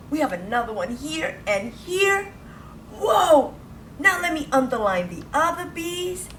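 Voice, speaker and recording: Preschool teacher, woman, sing-song and bouncy, unhurried, recorded from a distance. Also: medium pitch, slight background noise. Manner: animated, sing-song, gasping with excitement. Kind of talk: children's lesson. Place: classroom.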